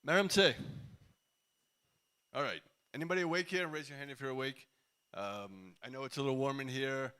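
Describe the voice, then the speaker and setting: A man's voice: medium pitch, normal speed, sharp tone, smooth. A man giving a casual, engaging talk to a crowd in a large indoor hall, asking the audience questions. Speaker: company CEO speaking at event.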